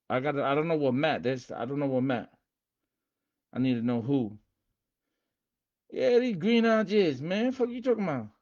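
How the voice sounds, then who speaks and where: A man hosting a casual livestream, hyped and streetwise, repeating himself and shouting out viewers by name. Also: mid-range voice, muffled recording. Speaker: livestream host teaching game rules.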